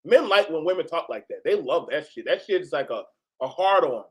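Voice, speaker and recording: A man hosting a reaction video, talking in an animated, exclaiming way and laughing often. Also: on the high side, fairly quick, dull audio. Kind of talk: reaction commentary.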